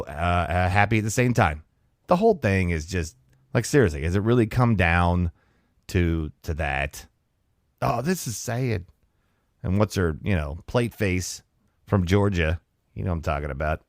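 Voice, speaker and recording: A man with a low voice hosts a comedy podcast, launching into a sarcastic, exasperated, casual rant with frequent restarts. The studio sound is clean, with no echo.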